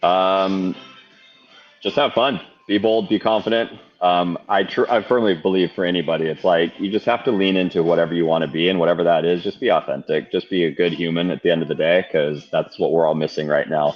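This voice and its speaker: Deep-voiced easygoing man on a muffled call. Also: steady tone, brisk, faint music behind. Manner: upbeat, easygoing, chatty. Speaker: guest, bottle shop founder. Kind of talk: casual interview chat. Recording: muffled remote call audio.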